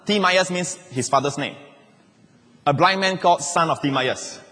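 A male pastor, preaching a lively sermon with jokes and sudden shouted quotes. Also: a little high, normal speed, in a large hall.

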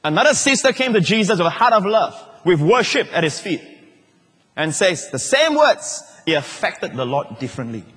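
Pastor, male, fairly high voice, lively emphatic sermon delivery with hushed low drops, echoing church hall. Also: moderate pace. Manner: animated preaching, rising to excited emphasis and dropping to soft, low asides.

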